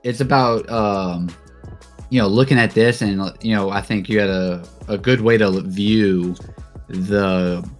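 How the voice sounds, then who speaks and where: Man, lowish voice, halting, full of fillers, casual podcast chat, faint music. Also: fairly even intonation. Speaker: podcast co-host.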